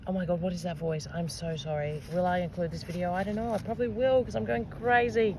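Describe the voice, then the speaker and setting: Excitable woman detecting outdoors. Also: fairly low pitch, quick pace, few pauses, rough recording. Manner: chatty, excitable, talks to herself and viewers. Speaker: metal detecting vlogger. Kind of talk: casual commentary to camera. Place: outdoors in a park under trees. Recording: outdoor recording with clear wind and ambient noise.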